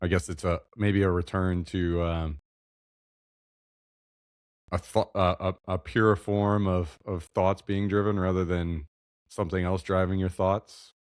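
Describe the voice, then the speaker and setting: A podcast guest with a very deep voice talks haltingly. He restarts and hunts for words as he goes. The recording is dry and close. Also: level tone, clean tone, no room sound. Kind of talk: casual chat.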